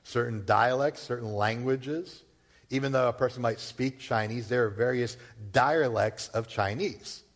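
Pastor preaching in a reverberant church. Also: male voice, medium pitch, unhurried. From Massachusetts. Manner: conversational preaching with rhetorical questions and asides. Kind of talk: sermon. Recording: long hall reverb.

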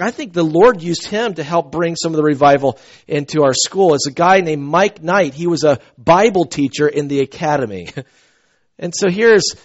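A middle-aged man from the American South preaching a sermon, animated and earnest, often restarting his sentences. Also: high voice. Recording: dull lo-fi sound.

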